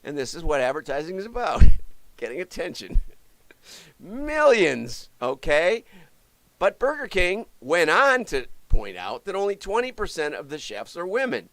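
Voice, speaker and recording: Lively, chatty middle-aged man. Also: fairly high pitch, unhurried, no room sound. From United States. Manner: chatty and jokey, self-interrupting asides. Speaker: livestream show host. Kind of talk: casual livestream commentary.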